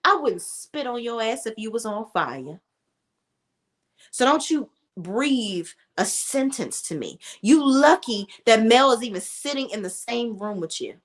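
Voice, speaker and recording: Brief: emphatic, profane woman commentator, high, animated voice. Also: measured pace. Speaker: reality TV commentator. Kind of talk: casual commentary.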